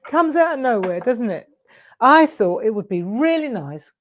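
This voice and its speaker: A woman's voice: a little high, very animated, slow pace, a little hiss or hum. A middle-aged woman hosting a casual craft livestream. She chats and rambles, greeting viewers by name as she goes. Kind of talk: casual live chat to viewers. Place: home craft studio.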